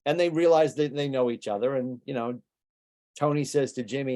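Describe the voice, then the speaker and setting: A male business coach gives a motivational training talk in a relaxed, mellow voice. He talks casually and keeps firing rhetorical questions at his listeners. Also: mid-range voice. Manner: conversational, rapid-fire rhetorical questions.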